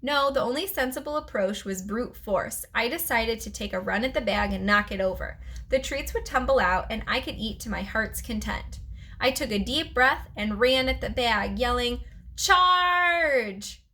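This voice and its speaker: A woman teacher reading a children's chapter book aloud, with lively storytelling and playful voices. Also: a little high, moderate pace.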